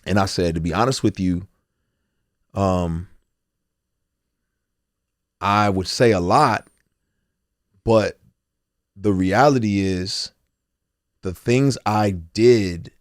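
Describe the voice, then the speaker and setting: A man's voice: low-pitched, takes it slowly, long pauses, no echo, studio quality. A man in his forties, a guest telling his life story candidly and acting out the voices of others. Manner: animated storyteller, acts out quotes.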